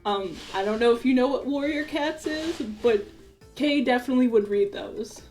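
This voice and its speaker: A woman's voice: high-pitched, normal speed, a little mellow, faint music behind. A young woman streaming a game, chatting casually and laughing often with lots of "like". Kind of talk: casual let's-play commentary.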